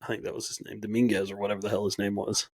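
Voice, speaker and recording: A young male podcast co-host races through casual chat in a fairly low, slightly rough, darkish voice with a flat delivery. Even so, he tells his stories with energy, acts out quoted lines, and swears freely.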